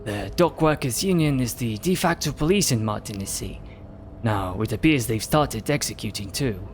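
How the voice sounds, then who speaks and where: A man reading aloud as a calm, reserved male police lieutenant, giving a case briefing in a measured, dry way. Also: medium pitch, slight background noise, natural voice. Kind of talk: reading game dialogue aloud.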